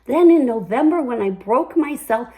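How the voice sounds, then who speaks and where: A woman's voice: sits high, expressive, moderate pace, warm tone, poor audio. An older woman hosting a personal commentary, telling her story in an emphatic, upbeat way. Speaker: commentary host.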